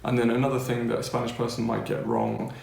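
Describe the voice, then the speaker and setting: An English man talks through a language lesson in a relaxed, chatty way, checking in with his listeners every few sentences. His voice has a gravelly edge and sits at a middling pitch. The room around him rings with noticeable echo. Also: fast talker. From England. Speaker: language-learning teacher. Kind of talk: casual spoken lesson.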